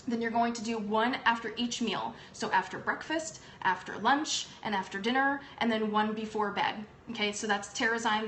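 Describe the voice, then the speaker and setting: A young woman chats brightly and casually, filling her pauses with ums. Her voice sits fairly high. The room is echoey, with a faint hum of background noise. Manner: upbeat and chatty, many ums. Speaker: host. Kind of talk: casual livestream product talk.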